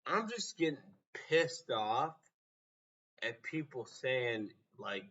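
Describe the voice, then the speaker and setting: A man's voice: medium pitch, very animated, slow pace, a bit bright, recorded from a distance, highs cut off. A man giving a blunt, profane motivational rant, sounding exasperated. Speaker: motivational speaker.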